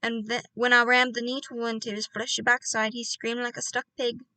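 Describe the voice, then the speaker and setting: A woman voicing an excitable elderly country doctor who bursts into loud, indignant outbursts. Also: on the high side, brisk, no echo. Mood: gleeful storytelling.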